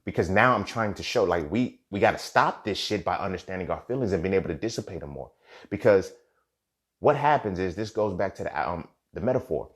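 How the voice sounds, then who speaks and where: A man's voice: sits low, expressive, brisk, fairly bright tone. A man hosting a podcast, talking in a passionate, conversational monologue, swearing freely and checking in with "you feel me". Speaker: podcast host. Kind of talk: casual monologue.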